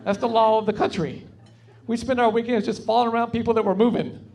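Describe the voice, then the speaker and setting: A man's voice: very high-pitched, fairly even intonation, fast talker, darkish tone, a little hiss or hum. A man with a Southern US accent from North Carolina doing a stand-up comedy set on a club stage, telling folksy, wry stories into a stage mic. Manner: folksy, wry storytelling delivery.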